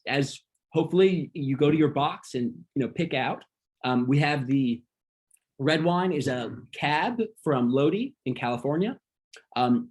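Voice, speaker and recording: A man leading a casual online wine class, talking through slides with a relaxed manner and frequent ums. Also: on the high side, breathy edge. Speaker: wine workshop instructor.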